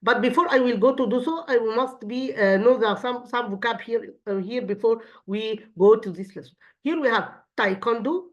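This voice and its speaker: Egyptian-accented woman, english teacher, fairly high voice, muffled dull recording. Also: normal speed, hardly any pauses. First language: Arabic. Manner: many fillers and restarts, non-native phrasing. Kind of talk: grammar lesson for children.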